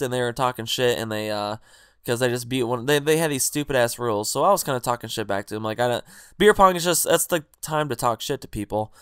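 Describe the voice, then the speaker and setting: A man's voice: medium pitch, clean tone, no room sound, studio quality. A young man in a casual storytime vlog, rambling and swearing as he retells a party argument with quoted back-and-forth. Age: young adult. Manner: rambling, profane, animated retelling with quoted dialogue. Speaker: vlogger.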